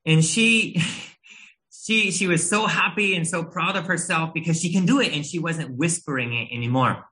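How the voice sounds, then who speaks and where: Bright-voiced man preaching a gentle sermon. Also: fairly high pitch, moderate pace, rough recording. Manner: gentle, earnest storytelling with uh fillers. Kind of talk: sermon with personal story.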